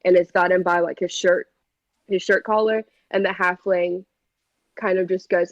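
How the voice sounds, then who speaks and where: A woman's voice: on the low side, fairly even intonation, a little slow, no room sound, muffled recording. A woman acting as game master, narrating a tabletop game with many hesitant fillers.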